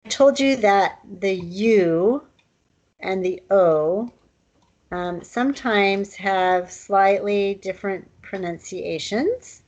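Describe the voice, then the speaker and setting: A woman teaching a language lesson, explaining pronunciation and sounding out words slowly. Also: medium pitch, a little mellow, rough recording.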